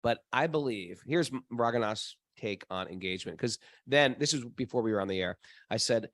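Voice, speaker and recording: A man's voice: low-pitched, normal speed, gravelly, fairly bright tone, no echo. A man co-hosting a podcast, chatting in a joking, emphatic way. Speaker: podcast co-host. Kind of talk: casual chat.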